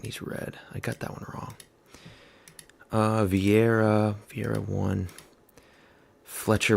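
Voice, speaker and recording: A man with a fairly low, creaky voice hosts a watch party stream as an MMA fan. His live reactions to the fight are casual and rambling, delivered in a blunt, offhand way.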